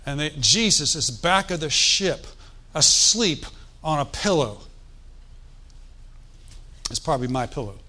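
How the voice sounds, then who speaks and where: A man's voice: a little high, animated, measured pace, pauses often, bright, forceful tone. A man preaching a sermon in a conversational, folksy way, with joking asides and calls for the congregation to answer. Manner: asks the congregation for responses.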